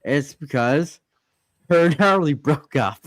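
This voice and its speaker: A man hosting a comic book podcast, relaxed and agreeable, inviting others to chime in. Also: a little high, slow. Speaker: podcast host. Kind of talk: casual chat.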